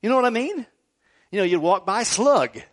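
High, lively-voiced male pastor preaching. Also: moderate pace. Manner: animated, jokey preaching with frequent "right?" asides. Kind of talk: sermon.

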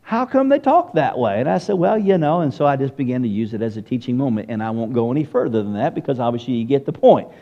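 A man's voice: mid-range voice, animated, fast, hardly any pauses, dull audio. A man with a Southern US accent preaching a sermon in church, asking the congregation questions directly. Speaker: pastor.

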